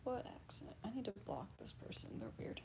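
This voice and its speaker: A woman's voice: fast talker, darkish tone, in a whisper. A woman livestreamer casually reading and answering chat, blunt and laughing, swearing freely.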